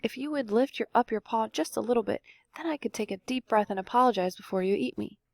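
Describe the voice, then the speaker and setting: A woman voicing a small, excited male squirrel with a high, chirping voice in a read-aloud storybook. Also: quick pace, gravelly, no echo. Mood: pleading.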